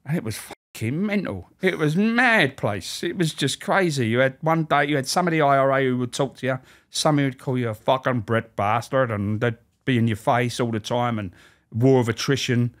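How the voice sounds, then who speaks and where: A former prison officer telling stories in a blunt, sweary, rambling way in a casual interview. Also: male voice, mid-range voice, moderate pace.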